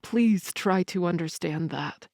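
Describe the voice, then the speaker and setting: A woman voicing a soft-spoken earnest young man. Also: slow, no echo, studio quality. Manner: soft, low and hushed. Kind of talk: audiobook character voice.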